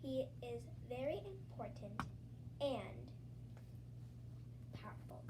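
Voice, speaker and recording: A woman reading a children's storybook aloud in a soft, gentle, sing-song way. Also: sits high, big pitch swings, slow pace, noisy background. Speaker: story reader.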